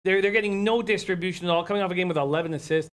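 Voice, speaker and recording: A man's voice: high-pitched, racing. A man co-hosting a casual sports betting show, talking through hockey and basketball bets in a conversational way.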